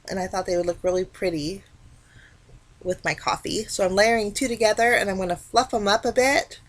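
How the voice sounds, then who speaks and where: A woman talking casually through a card-making tutorial, explaining each step in a relaxed, chatty way. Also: mid-range voice. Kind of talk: casual craft tutorial narration.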